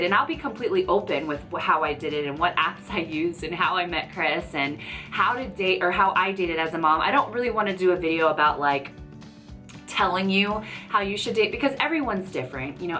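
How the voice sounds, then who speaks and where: Bright, chatty woman in her thirties vlogging from her office, rambling and heartfelt, faint music underneath. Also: on the low side. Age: 30s. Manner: chatty, rambling and emotional, often saying "you know". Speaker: YouTuber. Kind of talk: casual chat to camera. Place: tenth-floor office.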